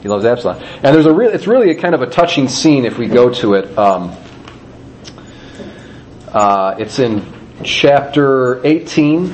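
A man teaching a Bible passage in a loose, conversational way, at a medium pitch. He retells the story with animated asides and reads verses aloud. A faint hum of noise sits behind him. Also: unhurried, long pauses, rough recording.

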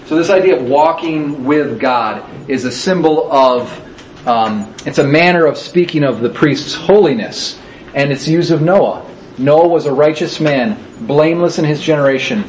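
A man's voice: medium pitch, normal speed. A man leading a Bible study class, explaining passages and repeating key words for emphasis. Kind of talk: teaching a scripture class. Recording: echoey room, distant mic, faint noise.

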